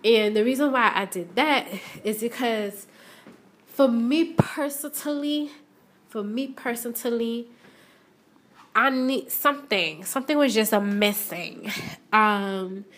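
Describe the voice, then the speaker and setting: A young adult woman hosting a casual solo podcast, chatting and repeating herself as she talks straight to listeners from her shop. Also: fairly high pitch. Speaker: podcast host. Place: shop, stepping in and out of doors.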